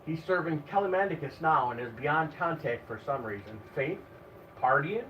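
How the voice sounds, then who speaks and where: A man's voice: a little high, expressive, normal speed. A man running a tabletop game as game master, narrating and chatting in a wry, conversational way. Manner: wry, conversational, laughs often. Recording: echoey, far from mic, phone-like, noisy.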